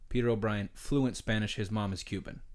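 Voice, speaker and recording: Guy on a podcast telling a story, kinda low voice, rambles with lots of likes. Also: fairly quick. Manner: rambling, animated storyteller, filler-heavy. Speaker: podcast co-host, retired pro baseball player.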